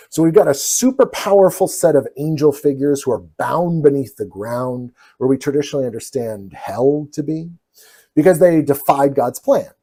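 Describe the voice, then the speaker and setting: Husky, wry man lecturing. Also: mid-range voice. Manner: wry, lively delivery with dramatic slow readings of quotes. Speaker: educational video host. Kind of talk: scripted lecture narration.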